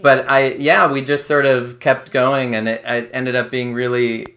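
A man's voice: mid-range voice, little pitch movement, unhurried, fairly bright tone. A man hosting an improv interview, talking casually with many ums and restarts. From Pittsburgh area. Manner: hesitant, many fillers and restarts. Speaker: podcast host.

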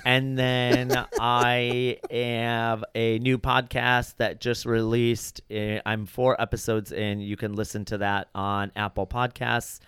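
Comedian guest, male, animated rambling delivery, smooth voice, dry close mic. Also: medium pitch, dry recording. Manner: animated storytelling, quick rambling. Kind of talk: casual chat. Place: his apartment in New York.

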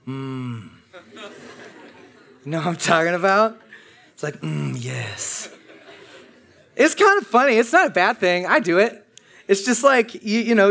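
A man's voice: fairly high pitch, fairly bright tone. A young man giving a casual, joking sermon, talking to the room like friends and acting out people murmuring along. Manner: conversational and humorous, imitates congregants' murmurs. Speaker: preacher.

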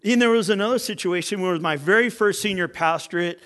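A man's voice: high voice, fast. A middle-aged man preaching as a pastor, telling personal stories and acting out the voices of the people in them. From California. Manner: animated storyteller, acts out quoted voices. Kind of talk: sermon storytelling.

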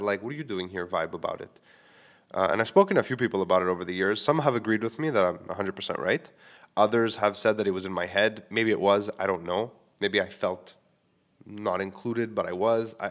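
A man in his thirties, from Quebec, hosts his own podcast alone. He talks in a candid, rambling way and leans on filler words. His voice sits on the low side. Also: fairly bright tone. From Quebec, Canada. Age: 30s. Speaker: podcast host. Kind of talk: solo podcast monologue.

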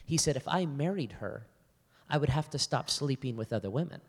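Male pastor, animated storyteller, plays both sides of a dialogue, mid-pitched voice, long hall reverb. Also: fairly quick. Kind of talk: church talk with storytelling. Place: church hall before a live audience.

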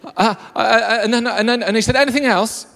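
A man preaching a lively, jokey sermon to a live congregation. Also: extremely high pitch, brisk, creaky. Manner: enthusiastic, jokey storyteller. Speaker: pastor. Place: church hall with a live congregation. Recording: long reverb of a large hall.

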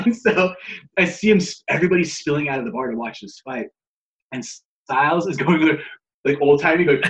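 A man's voice: a little high, animated, brisk, a bit bright, rough recording. Profane, laughing man telling wrestling stories. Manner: profane, laughing, acts out others' lines. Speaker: guest, pro wrestler. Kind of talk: casual storytelling.

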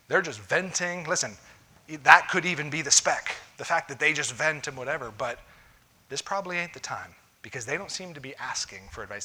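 Bright-voiced pastor preaching casually. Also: male voice, mid-range voice. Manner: folksy, talks straight to listeners, acts out quoted voices. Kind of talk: conversational sermon.

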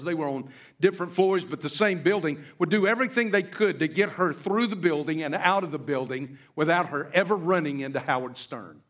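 Preacher man retelling a story slowly. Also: a little high, a bit bright. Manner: storytelling, stretches key words slowly for emphasis. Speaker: pastor. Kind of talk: sermon.

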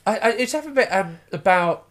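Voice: medium pitch, quick pace. A comedian telling stories in a casual chat, acting out the people in them. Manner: animated storyteller, acts out quoted voices, frequent restarts. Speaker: stand-up comedian.

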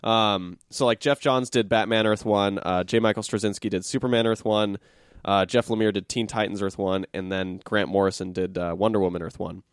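A man's voice: fairly low pitch, fairly even intonation, fairly quick, clean tone, dry recording, studio quality. A man hosting a podcast, chatting casually about comic news in a loose, jokey way with lots of fillers. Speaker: podcast host.

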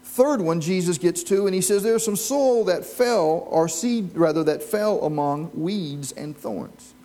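With a high-pitched, mellow voice, a male pastor preaches a little slowly to a live church congregation. He tells stories and asks the congregation questions.

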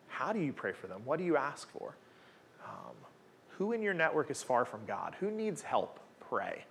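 A man in his forties delivers a sermon to a church gathering in a relaxed, conversational way. He leans on rhetorical questions and keeps checking in with his listeners. His voice sits a little high for a man. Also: slight background noise. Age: 40s. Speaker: guest preacher.

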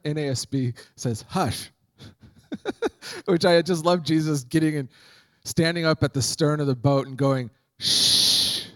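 A man's voice: fairly high pitch, normal speed, a little mellow, dry recording. A man preaching a sermon as pastor, conversational and humorous, acting out Bible scenes.

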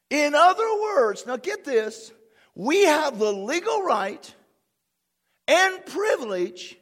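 A male pastor preaching a sermon with fervor, often shouting for emphasis, with a husky voice. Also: very high voice, very animated, takes it slowly.

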